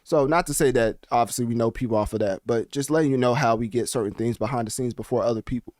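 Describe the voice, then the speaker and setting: A man hosting a podcast, chatting casually with animated, slangy commentary while looking things up on his screen. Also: medium pitch, quick pace, no room sound, clean studio sound. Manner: animated, conversational, slangy asides. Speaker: podcast host. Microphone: podcast mic, also on video.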